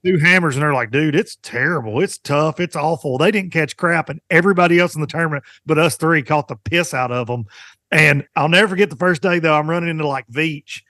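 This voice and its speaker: Male podcast host, animated storyteller, high voice, dry close sound. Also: no echo. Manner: animated storyteller, acts out quotes. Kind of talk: casual chat.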